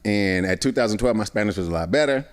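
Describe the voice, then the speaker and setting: A man's voice: on the low side, fast talker. A man, a guest actor and comedian, telling stories in a casual chat and acting out the voices of people in them. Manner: animated, acts out voices in his stories. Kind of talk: casual storytelling.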